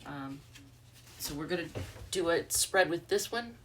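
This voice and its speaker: A woman's voice: fairly low pitch, lively intonation, unhurried, long pauses, distant mic, noisy background. A congested woman giving a casual, rambling tarot reading, full of fillers and restarts. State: congested from allergies. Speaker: tarot reader.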